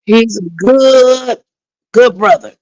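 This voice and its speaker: Woman streamer, fairly high voice, rambling chat to viewers on a phone mic. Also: slow, darkish tone, poor audio. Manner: frustrated, rambling, talks straight to viewers. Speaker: livestream host. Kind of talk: casual livestream chat.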